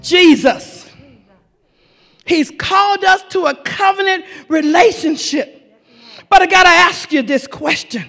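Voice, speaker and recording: A woman preacher delivering a sermon, shouting and repeating lines for emphasis. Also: very high voice, a little slow, vocal fry, long pauses, in a large hall, soft background music.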